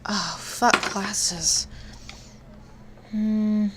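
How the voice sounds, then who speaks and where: A woman's voice: medium pitch, fairly even intonation, drawn-out words. A young woman gives casual game commentary, reading on-screen text aloud in a chatty way. She swears offhandedly and stumbles over long words, and a faint hiss sits behind her voice. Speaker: game streamer.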